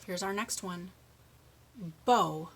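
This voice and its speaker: A middle-aged woman leading a speech lesson for young children, modeling words slowly with exaggerated endings and steady encouragement. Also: medium pitch, a little hiss or hum. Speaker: speech therapist.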